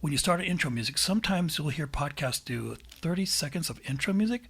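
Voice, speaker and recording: A man's voice: a little high, animated, quick pace, creaky, a bit bright, slightly rough. A man co-hosting a casual podcast, talking animatedly and laughing often. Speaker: podcast host and editor. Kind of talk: casual chat.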